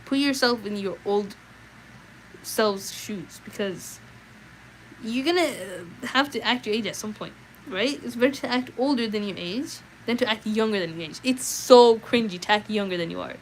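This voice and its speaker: A young adult woman streaming a read-aloud, chatting casually with viewers in an animated, filler-heavy way. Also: a little high, moderate pace, slight background noise, poor audio.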